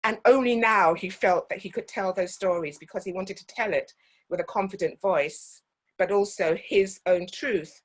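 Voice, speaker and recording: A woman's voice: medium pitch, moderate pace. A woman from Guyana, an actor giving a talk and telling personal stories with frequent ums.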